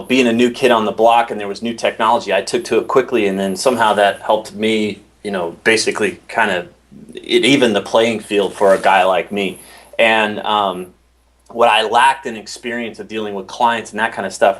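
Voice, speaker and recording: A man in his thirties as an interview guest, telling stories in a rambling, animated way with many restarts. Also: fairly low pitch. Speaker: podcast host, interview guest. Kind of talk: casual interview.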